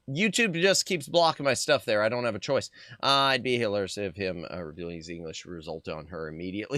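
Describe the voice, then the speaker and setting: A man's voice: medium pitch, sharp tone, dry recording, studio quality. A man streaming a game, reacting playfully and animatedly to the dialogue. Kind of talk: live game commentary.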